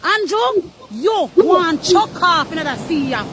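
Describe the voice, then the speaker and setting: A woman's voice: very high voice, animated, slow pace, background noise. A Jamaican woman ranting angrily to the camera outdoors by the beach, accusing and repeating a name over and over. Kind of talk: angry street rant to camera.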